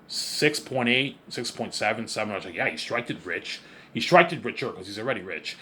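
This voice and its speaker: A man's voice: fairly low pitch, expressive, brisk, bright, forceful tone, a little hiss or hum. A man rambling through a casual vlog monologue, repeating himself often and sounding boastful and sure of himself. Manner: repetitive, boastful, self-assured. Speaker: vlogger.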